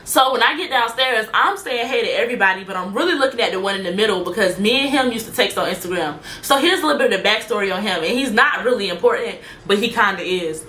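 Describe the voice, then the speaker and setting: Chatty young woman with a bright voice. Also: mid-range voice, a little hiss or hum. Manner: chatty, slangy, addresses viewers directly. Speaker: storyteller vlogger. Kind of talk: casual storytime.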